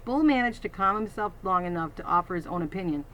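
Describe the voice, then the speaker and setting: A woman's voice: lowish voice, expressive, fast, few pauses, fairly bright tone, a little hiss or hum, rough recording. A woman reading a children's novel aloud, adding teacherly asides to her listeners. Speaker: reader.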